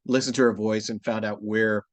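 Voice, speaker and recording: Animated Texan-born male voice actor, dry sound. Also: lowish voice, brisk, dry recording. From Texas, USA. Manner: animated anecdotal storytelling. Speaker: voice actor guest. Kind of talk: casual interview chat.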